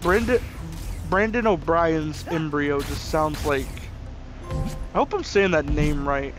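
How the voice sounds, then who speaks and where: A young man with a fairly high voice, giving casual, rambling commentary on a game. He talks in an opinionated way, with plenty of fillers and restarts. Loud game music plays behind him. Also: animated, slow pace. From Southern US. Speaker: gameplay commentator.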